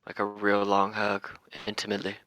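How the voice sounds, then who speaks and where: A man playing a tabletop game, blunt and quick to laugh. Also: lowish voice, monotone, fairly bright tone, dry recording, low-quality recording. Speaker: player. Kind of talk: tabletop role-play.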